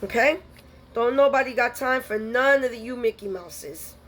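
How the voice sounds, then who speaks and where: A woman's voice: fairly high pitch, normal speed, fairly bright tone, a little hiss or hum. A woman giving a spiritual tarot reading, blunt and scolding, full of streetwise slang. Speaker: tarot reader.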